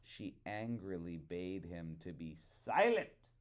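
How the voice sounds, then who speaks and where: A man reading a fairy tale aloud to children in a rhythmic, expressive way. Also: sits low, slow. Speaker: storyteller.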